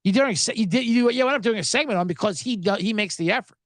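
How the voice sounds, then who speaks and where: Rapid-fire and studio quality with no echo, a man hosts a live sports podcast in Los Angeles. He rants in a casual, sarcastic, animated manner, often acting out others with a high, raised voice.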